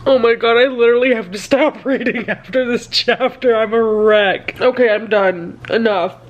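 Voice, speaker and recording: A young woman with a slightly high voice chats to camera from her bedroom, giggly and emotional as she talks about books. It is a casual home vlog recorded close to a phone or camera. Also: moderate pace, muffled recording. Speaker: book vlogger.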